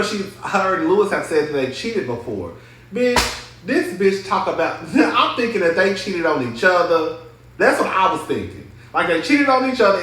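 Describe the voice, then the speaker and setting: Sassy high-voiced man in an echoey room. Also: fairly bright tone. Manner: sassy, gossipy, profane. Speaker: reality TV reviewer. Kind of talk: casual commentary vlog.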